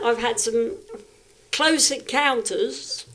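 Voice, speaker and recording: A woman talks through her views in a casual podcast chat. She speaks frankly and reflectively, with frequent restarts, at an ordinary middle pitch. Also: normal speed. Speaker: guest, livestock exhibitor.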